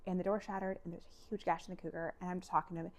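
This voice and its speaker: A woman's voice: fairly low pitch, racing. Chatty woman telling an emotional story. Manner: animated, emotional, lots of fillers and quoted dialogue. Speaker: vlogger. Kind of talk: personal storytelling to camera.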